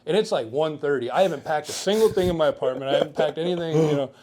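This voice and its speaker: Young male guest from Michigan's Upper Peninsula, fairly high-pitched; animated, casual storyteller who acts out his quotes. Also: rapid-fire. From Upper Peninsula of Michigan, USA. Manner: animated, acts out quoted people with a raised voice, heavy use of "like". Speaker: guest, baseball pitching prospect. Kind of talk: casual storytelling in a podcast interview.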